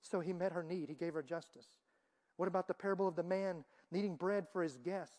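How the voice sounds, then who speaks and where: A woman preaching a sermon in a church, moving between loud emphatic lines and soft, hushed ones. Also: fairly low pitch, brisk.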